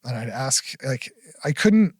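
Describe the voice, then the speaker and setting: A man's voice: mid-range voice, sing-song, slow, darkish tone, breathy edge, no room sound, studio quality. Candid man telling a raw story. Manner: frank, profane, drops to near-whisper at heavy moments. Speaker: podcast guest.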